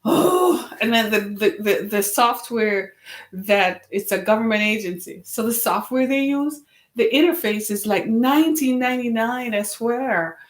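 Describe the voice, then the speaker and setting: A woman's voice: a little high, moderate pace. Chatty, exasperated woman in an echoey room. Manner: chatty, exasperated, rambling asides. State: tired, slightly wheezy from no sleep. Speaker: web series host. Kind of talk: casual chat to camera.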